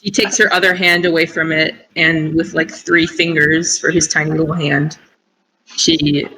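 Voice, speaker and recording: A player in a tabletop game, describing their character's actions slowly and laughing often. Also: mid-range voice, level tone, bright, forceful tone, a little hiss or hum, rough recording.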